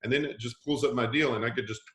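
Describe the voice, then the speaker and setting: A man's voice: medium pitch, steady tone, racing, a bit bright. A man hosting a team call, rambling casually with many restarts and "you know". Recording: echoey room sound.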